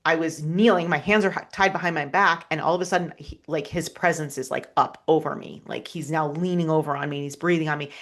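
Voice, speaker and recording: With a low, steady voice, a woman on a podcast recounts a personal story in earnest. Her delivery stumbles along, broken by fillers and frequent fresh starts.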